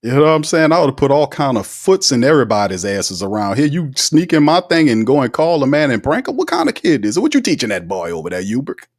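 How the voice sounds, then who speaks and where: Hosting a laid-back live sports talk show, a man reads out comments from viewers quickly and with a medium pitch. His delivery is animated and full of slang, and he laughs frequently.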